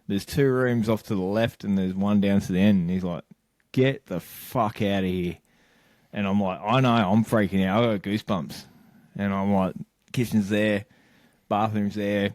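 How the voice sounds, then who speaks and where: A man's voice: lowish voice, a little mellow, no room sound. A young man, a podcast co-host, telling a crude story in casual chat and acting out the lines of the people in it. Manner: crude, laughing, acts out quotes in a story.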